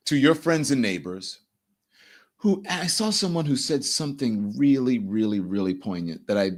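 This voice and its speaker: A man hosting a live political commentary show, talking straight to his viewers and repeating phrases for emphasis. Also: mid-range voice. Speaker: show host.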